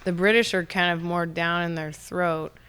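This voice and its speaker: This San Diego podcast guest has a lowish, steady voice that is slightly bright and clean, delivered at a moderate pace. In the studio she chats casually, rambling through stories full of swearing and frequent laughter.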